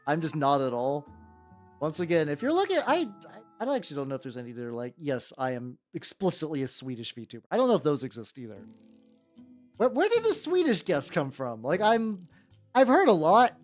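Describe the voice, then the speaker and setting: Woman streamer, lively swoopy pitch, playful rambling chat, soft music behind. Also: brisk. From United States. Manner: rambling, playful, swears, chats with viewers. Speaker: VTuber streamer painting miniatures. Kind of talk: casual livestream chat. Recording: faint background music.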